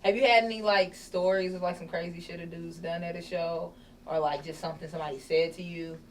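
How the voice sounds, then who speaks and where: A woman's voice: lowish voice, steady tone, brisk, recorded from a distance, a little hiss or hum. A woman hosting a casual chat show, brash and profane, laughing often. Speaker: podcast host.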